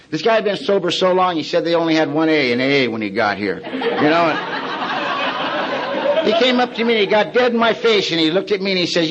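A man giving a personal testimony at a recovery meeting, telling his story in colloquial, plain-spoken words with dark humor. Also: on the high side, muffled recording.

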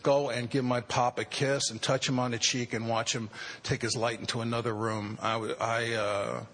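Wry bright-voiced man in his fifties. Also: mid-range voice, level tone. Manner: wry, self-deprecating, halting at times. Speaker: speaker sharing a recovery story. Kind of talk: personal storytelling talk.

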